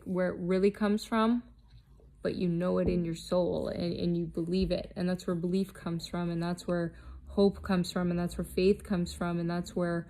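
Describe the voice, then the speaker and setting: A woman's voice: on the low side, creaky, a little mellow. A woman delivering an unscripted, impassioned monologue, blunt and heavily profane, intense and defiant. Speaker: vlogger.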